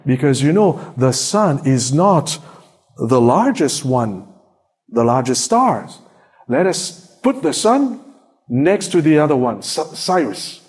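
A male preacher with a high voice delivers a sermon in an unhurried, drawn-out way. He keeps asking his listeners questions. He swings between ringing exclamations and hushed, low asides. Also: husky. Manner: emphatic, asks the congregation many rhetorical questions. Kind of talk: sermon with slides.

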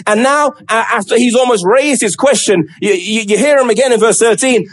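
High-voiced preacher, emphatic. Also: male voice, a little fast, hardly any pauses. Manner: emphatic, acts out quoted pleas with rising intonation. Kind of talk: sermon.

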